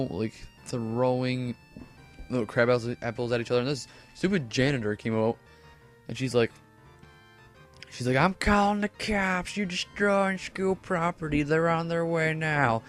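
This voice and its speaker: A teenage boy casually telling a rambling story over gameplay commentary, full of fillers and self-corrections. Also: medium pitch. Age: teens. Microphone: desk microphone.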